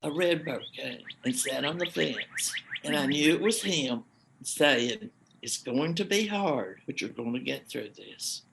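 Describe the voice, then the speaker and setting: An older woman telling a personal story in a heartfelt, halting, emotional way. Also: a bass voice, animated, vocal fry, background noise. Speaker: storyteller guest.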